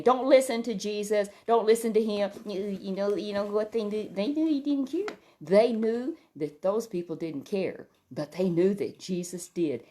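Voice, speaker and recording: A woman telling a Bible story to a child in a gentle, exclamatory way, often breaking in with soft "oh"s. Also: fairly low pitch.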